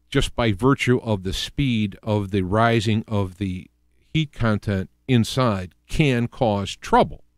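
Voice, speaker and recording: Recorded dry at studio quality, this Midwestern-accented host of a casual solo radio talk show has a mid-range voice. He rambles through examples, often restarting and using plenty of fillers.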